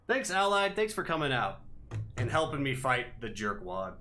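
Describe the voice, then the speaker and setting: A man streaming a video game live, excitably yelling at enemies and thanking his viewers. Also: medium pitch, measured pace, slight background noise. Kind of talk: live gameplay stream commentary.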